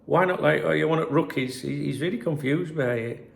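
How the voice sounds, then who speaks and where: A man's voice: medium pitch, moderate pace, gravelly, a bit bright. A man hosting a football channel, talking casually and mocking press claims in a rambling, sarcastic way. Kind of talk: casual commentary to camera.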